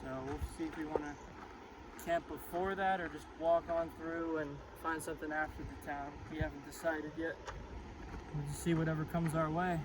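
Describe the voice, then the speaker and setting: A young man talks into a handheld camera as he hikes a mountain trail, chatty and upbeat, with fillers here and there. His voice sits a bit high and stays level without much rise and fall. Outdoor noise runs clearly under the whole recording. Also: level tone, normal speed. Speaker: hiker filming his own trip. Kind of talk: casual vlog narration. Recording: noisy outdoor camera audio.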